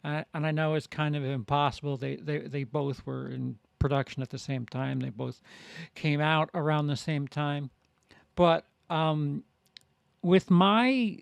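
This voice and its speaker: A man giving a casual spoken film review, halting and full of restarts. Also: fairly high pitch, vocal fry, clear, resonant tone, dry recording. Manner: halting, many restarts and fillers.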